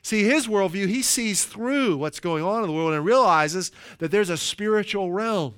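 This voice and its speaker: Emphatic preacher with a fairly high voice. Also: male voice, animated, fairly bright tone, smooth. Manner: emphatic, slows for scripture quotes, asks "right?" often. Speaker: pastor. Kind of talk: sermon.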